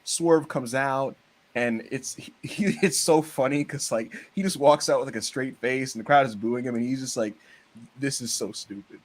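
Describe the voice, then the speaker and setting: A man's voice: medium pitch, moderate pace. Man, podcast host, loose rambling recap voice with fillers and casual swearing. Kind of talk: casual wrestling podcast chat.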